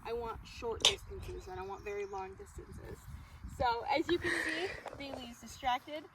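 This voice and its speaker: A young woman dog trainer explaining a recall exercise during an outdoor training demonstration, calm between bright calls to the dog. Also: moderate pace. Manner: explains calmly, then high excited calls to the dog. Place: outdoors on a walk. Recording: distant mic with outdoor noise.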